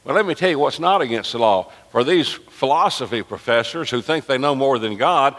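A pastor preaching with fervor, his bright, forceful voice swelling toward near-shouts. He is recorded in a church sanctuary whose long reverb trails each phrase. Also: mid-range voice, lively intonation, brisk, hardly any pauses. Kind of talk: sermon.

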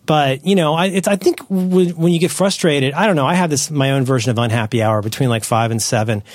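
A man hosting a podcast, chatting casually as a parent, rambling and correcting himself as he tells animated stories. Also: fairly high pitch, fairly quick, no room sound, studio quality. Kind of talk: casual chat.

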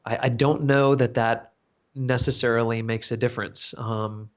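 A man's voice: mid-range voice, steady tone, normal speed, fairly bright tone. Earnest American man, thoughtful explainer. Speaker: podcast co-host, teacher. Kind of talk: casual podcast discussion.

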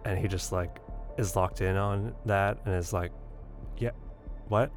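A man narrating his character in a tabletop game, halting and full of fillers. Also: low voice, little pitch movement, over music. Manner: slow, halting, filler-heavy. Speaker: player. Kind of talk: tabletop role-play narration.

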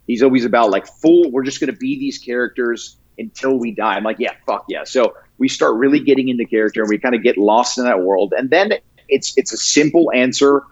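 A man chatting casually as an interview guest, talking in a halting way with many restarts and easy laughter. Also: medium pitch, breathy edge, lo-fi sound. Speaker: guest, prank video creator.

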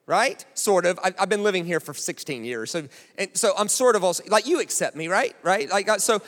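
An American man preaching a sermon in a chatty, animated way, often checking in with the crowd. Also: high-pitched, a little fast. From United States. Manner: conversational, animated, keeps asking "right?". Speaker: pastor. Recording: long hall reverb.

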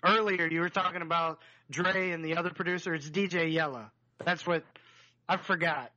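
A man chatting casually on a podcast, animated and joking, picking albums in a draft. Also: on the high side, no echo, lo-fi sound. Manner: animated, joking, quick to riff.

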